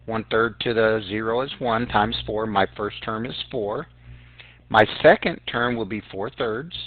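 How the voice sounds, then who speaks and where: A man's voice: fairly low pitch, a little slow. Man teaching math over a tinny line. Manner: explains calculator steps aloud, addresses students as guys. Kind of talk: recorded math lesson. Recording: dry, tinny phone-like sound.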